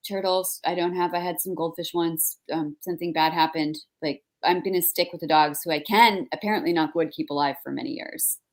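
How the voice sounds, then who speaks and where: A woman in her forties from New Jersey, an author telling animated, self-deprecating stories in casual conversation. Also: low voice, brisk, hardly any pauses. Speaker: author guest.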